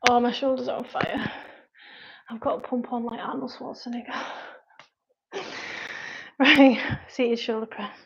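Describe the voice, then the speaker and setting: A woman with a Mancunian-Lancashire accent coaches her viewers through a live workout, chatting and sighing as she goes. She sounds winded from the effort, and her voice sits a little high. The stream audio is dull and lo-fi. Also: steady tone, unhurried, gravelly, long pauses, husky. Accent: Mancunian-Lancashire English. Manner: chatty, puffing and sighing between sets. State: out of breath from exercise. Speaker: personal trainer and online fitness coach.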